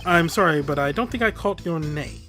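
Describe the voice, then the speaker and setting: A man voicing a composed male prosecutor in a measured, formal, dry manner. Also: fairly high pitch, animated, over music, lightly acted.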